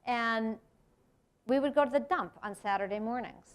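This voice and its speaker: A woman's voice: fairly high pitch, normal speed, clear, resonant tone. A middle-aged American woman giving a reflective public talk, with earnest delivery and sudden emphatic rises. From United States. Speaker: speaker giving a presentation on race. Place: lecture room.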